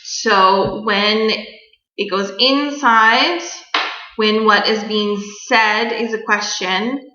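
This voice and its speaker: A young woman teacher giving a recorded grammar lesson, explaining clearly and patiently to children. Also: mid-range voice, steady tone, very slow, bright, forceful tone. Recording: dull echoey room recording.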